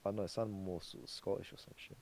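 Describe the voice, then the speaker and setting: A man's voice: low voice, fairly even intonation, quick pace, creaky, a little mellow, poor audio. A young man chatting casually on a podcast, rambling with lots of fillers and swearing. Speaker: podcast co-host. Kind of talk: casual chat.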